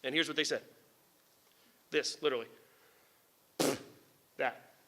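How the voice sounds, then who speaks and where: A middle-aged man from New Jersey, a lawyer and author giving a public talk, telling a story in an animated, candid way, swearing casually and chuckling at his own remarks. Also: mid-range voice, measured pace, background noise.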